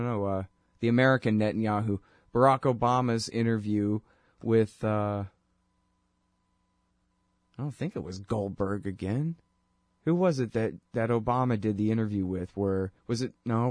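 A man's voice: mid-range voice, no echo, studio quality. Rambling male political talk host. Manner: rambling and conversational, mocking voices when quoting. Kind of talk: casual political commentary.

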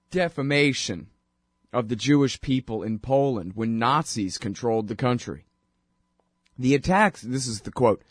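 A man's voice: mid-range voice, dry recording, studio quality. A man hosting a talk show, delivering a sarcastic, opinionated political monologue that builds to indignant outbursts.

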